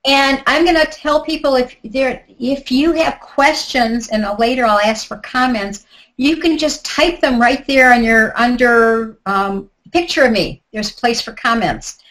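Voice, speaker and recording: A woman's voice: on the high side, unhurried, a bit bright, poor audio. Chatty woman guiding a tapping session. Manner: chatty, guiding step by step with asides. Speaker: tapping instructor. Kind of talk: live online workshop instruction.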